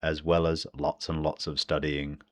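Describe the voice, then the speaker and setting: A man with a British accent teaching English pronunciation, slowly modelling phrases one by one. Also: rumbling low, flat delivery. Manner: slow, deliberate modelling of phrases. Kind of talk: pronunciation lesson.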